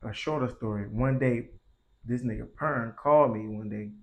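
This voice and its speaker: A man's voice: mid-range voice, normal speed. A young man telling a story casually, in slangy and profane speech that grows heated. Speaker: vlogger.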